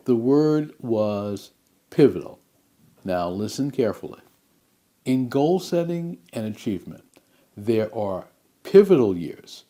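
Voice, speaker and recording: A man giving a motivational talk, speaking in a measured, emphatic way with deliberate pauses. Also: mid-range voice, dark tone.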